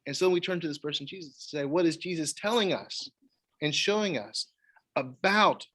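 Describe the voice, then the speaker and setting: A man, leading a church Bible study, animated and acting out quoted voices. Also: fairly high pitch, moderate pace. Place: church meeting room.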